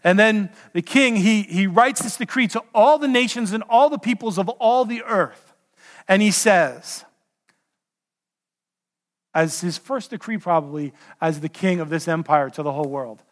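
High-voiced pastor preaching in a reverberant hall. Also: male voice, measured pace. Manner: storytelling, animated, direct questions to listeners. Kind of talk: sermon.

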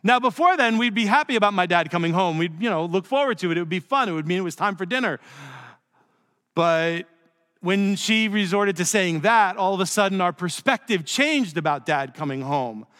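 Male pastor, a bit high-pitched, chatty sermon delivery, long reverb of a church hall. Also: lively intonation, normal speed. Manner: conversational preaching with joking asides, dropping soft for emphasis.

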